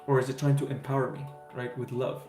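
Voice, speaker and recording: A man of middle pitch hosts a casual spiritual livestream and answers viewer questions from chat. He talks in an easygoing, reassuring way and keeps checking in with "right?" and "okay?". His voice rings in a roomy indoor space, with faint music under it. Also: little pitch movement, fast, vocal fry, darkish tone. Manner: easygoing and reassuring, many fillers and "right?" tags.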